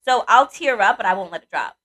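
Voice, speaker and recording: A young adult woman co-hosting a podcast, telling a personal story in casual chat, animated and swearing freely. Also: medium pitch, a little fast. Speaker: podcast co-host.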